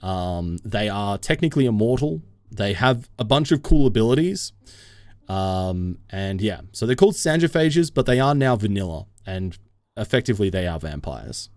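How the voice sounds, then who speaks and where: A man's voice: on the low side, very animated, normal speed, a little mellow, no echo, studio quality. A man streaming a game live, chatting casually with his viewers and laughing often.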